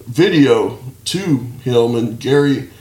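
Male guest, relaxed storyteller, mid pitch, roomy sound. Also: slow pace. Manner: relaxed storyteller, frequent fillers and laughs. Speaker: guest, videographer. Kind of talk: casual interview chat.

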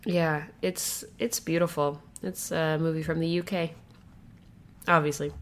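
Female podcast co-host, deep voice, halting improv delivery. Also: fairly even intonation. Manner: hesitant, improvising a story with fillers. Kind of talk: casual comedic chat.

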